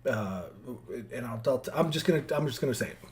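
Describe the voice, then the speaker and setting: Man, vlogging dad, heartfelt rambling monologue to his girls, lively pitch. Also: brisk, slight background noise. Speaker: father addressing his daughters. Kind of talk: emotional vlog monologue.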